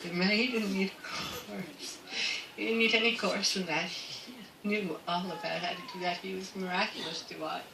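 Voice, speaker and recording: A woman's voice: medium pitch, steady tone, gravelly. Laughing woman giving a tribute, distant and echoey. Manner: laughing, halting, fond. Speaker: memorial speaker. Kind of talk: informal tribute speech. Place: memorial gathering room. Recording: echoey room, distant mic, background noise.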